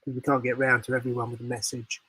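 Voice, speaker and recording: Man hosting a church service online, husky voice, monotone delivery, video call. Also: mid-range voice, quick pace, poor audio. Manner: hesitant, with uh and um fillers.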